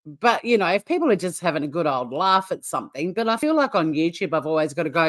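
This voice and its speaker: A middle-aged woman with an Australian accent hosting a casual livestream, blunt and quick to swear, often breaking into laughter as she chats. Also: lowish voice, big pitch swings. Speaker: livestream host. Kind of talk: casual livestream chat reacting to a clip.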